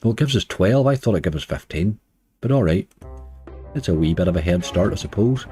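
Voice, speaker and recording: A man with a deep, mellow voice gives loose, chatty commentary while he plays, muttering at the game and cheering it on. Faint music runs underneath. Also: expressive, fairly quick. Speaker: slots streamer. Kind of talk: casual commentary over gameplay.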